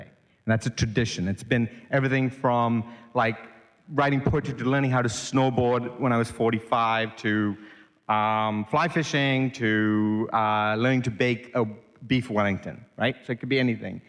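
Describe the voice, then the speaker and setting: A man's voice: medium pitch, in a large hall. A middle-aged man from Sri Lanka, a podcast guest telling a long story animatedly and acting out the voices in it.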